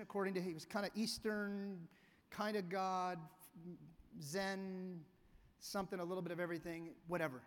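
Male pastor, very high pitch, relaxed storytelling sermon, reverberant sanctuary. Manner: conversational, storytelling preaching. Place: church sanctuary. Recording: long reverb of a church hall.

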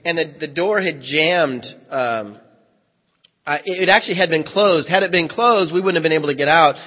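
Male pastor, storyteller, lightly raised pitch, dull lo-fi church recording. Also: normal speed. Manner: vivid first-person storytelling with reenacted dialogue. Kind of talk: sermon storytelling. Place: church hall. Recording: echoey hall, dull lo-fi sound.

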